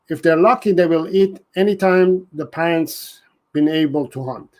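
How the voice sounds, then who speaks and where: A man hosting a live dog-training Q&A, talking earnestly and often restarting his sentences. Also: a little high. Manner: earnest, repeats and restarts, reads out viewer comments. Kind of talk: casual live-stream Q&A.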